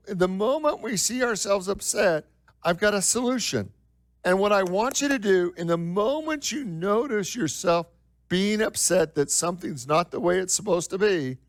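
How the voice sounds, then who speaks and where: A man's voice: high voice, lively intonation, moderate pace, no room sound. A male minister delivering a sermon in a conversational style, asking the congregation questions and repeating key phrases for emphasis. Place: church.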